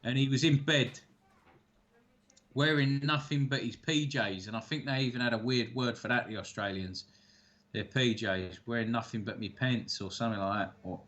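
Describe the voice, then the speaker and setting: A man's voice: mid-range voice, normal speed, fairly bright tone, highs cut off. A man co-hosting a casual chat over beers, telling stories in a laid-back way and swearing freely. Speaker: co-host.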